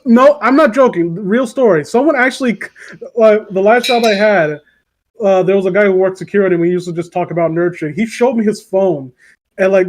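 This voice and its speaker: A young man chats casually in a high voice. He is animated and breaks into laughter often. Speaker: podcast co-host. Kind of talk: casual group chat.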